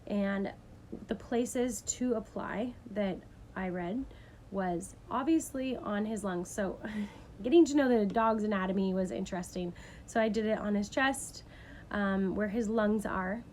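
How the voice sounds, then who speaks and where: A woman's voice: medium pitch, darkish tone, slight background noise. A woman chatting casually to camera, earnest and full of fillers as she shares pet care tips.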